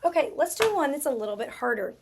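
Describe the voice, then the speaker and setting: A woman teaching a spelling lesson, who talks slowly and stretches out each sound while checking in with the class. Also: sits high, very animated, noisy background.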